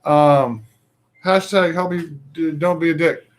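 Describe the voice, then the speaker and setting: A man's voice: on the high side, unhurried. A man co-hosting a live show, joking and rambling in casual banter while talking to viewers. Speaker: co-host.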